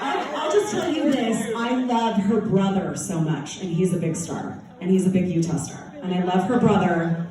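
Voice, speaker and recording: A woman's voice: medium pitch, normal speed, over a noisy crowd. Chatty woman in an echoey hall. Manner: chatty, laughing anecdotes, many likes. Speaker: former TV talk show host. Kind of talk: festival Q&A storytelling. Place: large hall at a festival. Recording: echoey hall, distant mic.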